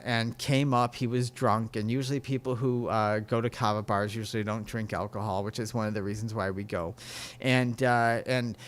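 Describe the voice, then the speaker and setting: A man's voice: medium pitch, a bit bright, clear, resonant tone. A man hosting a podcast, talking in an earnest, rambling way about spirituality and telling stories. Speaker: podcast host. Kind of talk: casual spiritual talk.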